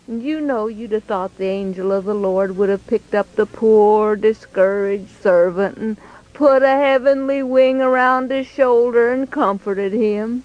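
A woman telling a Bible story in an expressive, folksy way. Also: fairly high pitch, measured pace, no room sound, highs cut off.

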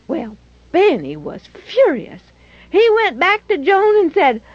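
A woman narrating a children's story in a lively, expressive way. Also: very high voice, slow pace, dry recording. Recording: dull, dry lo-fi recording.

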